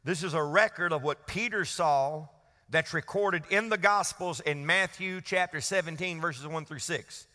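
Speaking at a moderate pace, this male pastor has a somewhat high voice with a sharp edge. He delivers a sermon and guides the congregation through call-and-response, his words echoing with the long reverb of the church hall.

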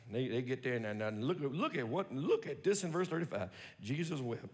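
Man preaching with lively pitch in a reverberant hall. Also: moderate pace, few pauses. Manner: swings from quiet musing to loud preaching; folksy, reads scripture aloud. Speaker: pastor. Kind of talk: sermon.

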